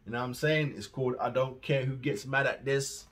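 Husky man ranting bluntly. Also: medium pitch, steady tone, a little fast. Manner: blunt, swears freely, swings from muttering to loud outbursts. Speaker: reaction vlogger. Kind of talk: casual reaction rant.

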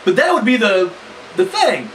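A man reviews a wrestling match in a loose, rambling way, cursing often and leaning on fillers. His voice sits high and swings up and down with lively energy. He sounds a little far from the mic, with a faint hiss behind him. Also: moderate pace. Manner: animated, profane and rambling, full of fillers. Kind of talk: casual spoken review.

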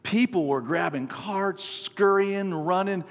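A man in his fifties preaching a sermon, an animated, self-mocking storyteller. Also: high-pitched, takes it slowly. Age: 50s. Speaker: pastor. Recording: long reverb from a large hall.

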